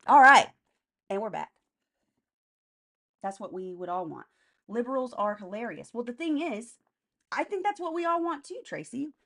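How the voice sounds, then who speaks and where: A woman's voice: on the high side, very animated, moderate pace, pauses often, fairly bright tone. Blunt woman streamer answering chat. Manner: blunt and profane, answers chat commenters by name. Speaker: live stream host. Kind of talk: casual political live stream, reading chat comments.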